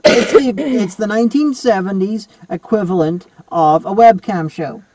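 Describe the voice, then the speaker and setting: A man's voice: high-pitched, normal speed, darkish tone, rough recording. A man in a casual film review chat, rambling and digressive, full of "you know" and "like".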